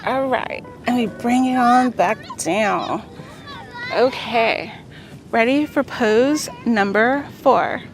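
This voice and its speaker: A woman's voice: a little high, slow pace, faint music behind. A woman vlogger leading a casual beginner yoga routine outdoors on a beach, chatty and encouraging and often checking in with "okay?". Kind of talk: casual instructional vlog.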